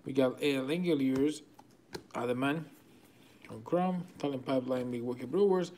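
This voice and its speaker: A man's voice: medium pitch, a little hiss or hum. A man with a Venezuelan Spanish accent, hosting a card break and rattling off names as he opens packs. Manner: rapid-fire listing of cards, excitable, chuckling. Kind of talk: live card-opening commentary.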